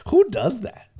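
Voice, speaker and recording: On his casual show, a male host reads viewer comments and goes off comically about his pet peeves. He swears freely and sounds exasperated, spinning his complaints into animated stories.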